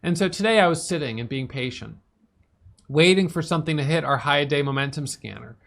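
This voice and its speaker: Brief: tired man, slightly higher voice, chatty trade recap full of fillers. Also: gravelly, a bit bright. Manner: fast, filler-heavy talk with restarts, "boom" for quick actions. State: tired, yawning. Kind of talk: casual spoken trade recap.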